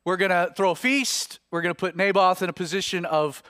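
A man preaching an expository sermon, explaining a passage in an animated, conversational way with informal asides. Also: high voice, a little fast, clear, resonant tone, no room sound, studio quality. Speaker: pastor.

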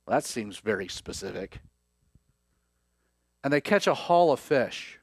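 A male pastor preaching a sermon, acting out scripture scenes with swings between loud intensity and hushed moments. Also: medium pitch, sing-song, a little slow, long pauses, no room sound, clean studio sound. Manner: dramatic preaching, voices scripture figures with rising intensity.

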